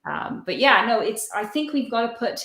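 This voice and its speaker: A woman's voice: a little high, expressive, moderate pace, a bit bright, reverberant. A woman guest on a live-stream video call, telling personal anecdotes in a chatty, storytelling way. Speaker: guest feng shui consultant.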